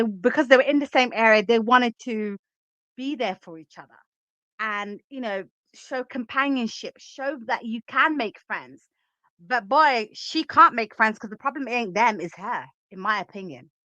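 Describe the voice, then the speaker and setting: A woman's voice: a little high, normal speed, a bit bright, dry recording, dull audio. A woman hosting a casual livestream, giving opinionated, emphatic commentary and reading out chat comments. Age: adult.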